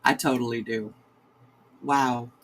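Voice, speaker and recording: A woman, a crochet host chatting to her livestream viewers in a sentimental, halting way. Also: extremely low pitch, steady tone, poor audio. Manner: sentimental, halting, many restarts. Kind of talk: casual livestream chat to viewers.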